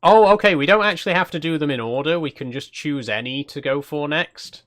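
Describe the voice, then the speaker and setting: A man's voice: a little high, brisk, fairly bright tone. A man hosting a channel, giving casual gameplay commentary in an easygoing, self-conscious way and chatting with viewers. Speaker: channel host.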